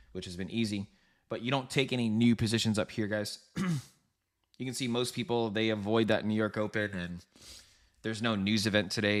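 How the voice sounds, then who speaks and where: A man's voice: lowish voice, pushed and bright. A man hosting a live trading stream, talking casually to viewers with frequent laughs as he comments on the markets. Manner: chatty, laughs often, addresses viewers directly. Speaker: trading livestream host.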